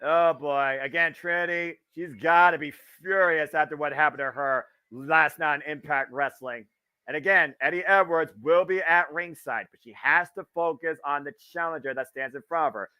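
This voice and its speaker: A Midwestern US man with a fairly high, pushed, bright, clean voice speaks at a moderate pace. He hosts a casual live wrestling watch-along, chatty and wisecracking, swearing freely through his commentary.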